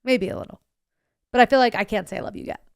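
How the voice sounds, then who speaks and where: Young woman podcaster yapping about her trip, sarcastic n bubbly, smooth clear voice, super dry. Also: fairly high pitch, quick pace, no echo. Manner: sarcastic, bubbly, quotes herself in animated voices. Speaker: podcast host. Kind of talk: casual storytelling monologue.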